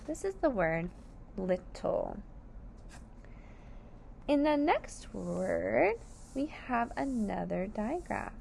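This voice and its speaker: A woman's voice: fairly high pitch, big pitch swings, takes it slowly, gravelly, long pauses, dark tone, a little hiss or hum. A woman teaching phonics to young children, patiently sounding out each word letter by letter.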